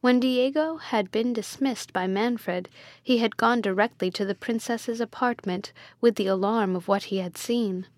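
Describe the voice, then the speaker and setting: A woman reading a Gothic novel aloud in a measured, even storytelling manner. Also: a little high, dry recording, clean studio sound. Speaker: audiobook reader.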